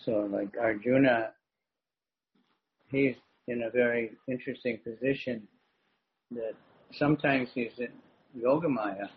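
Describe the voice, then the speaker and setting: A man giving a religious talk in short phrases, pausing for an interpreter, often saying "you know". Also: medium pitch. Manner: conversational, halting, fills gaps with "you know". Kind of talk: sermon with consecutive translation. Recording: dull lo-fi recording with faint noise.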